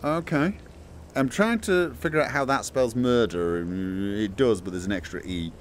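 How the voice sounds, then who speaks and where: A man giving playful, excitable running commentary while playing a VR game, chatting to a companion through a headset mic. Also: medium pitch, normal speed, a little hiss or hum. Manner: excitable, jokey asides. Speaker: gaming streamer. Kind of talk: casual VR gameplay commentary.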